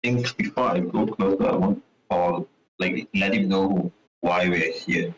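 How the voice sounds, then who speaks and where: A low-voiced man takes his turn in a tabletop game, choosing his words slowly and deliberately. A faint background hiss sits under his voice. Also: fairly bright tone, rough recording. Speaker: player. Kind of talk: tabletop role-play.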